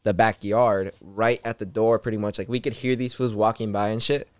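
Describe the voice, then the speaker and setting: A man's voice: fairly low pitch, steady tone, moderate pace, clear, resonant tone, no echo. A young man telling a story in a slangy, swearing casual chat as a podcast host.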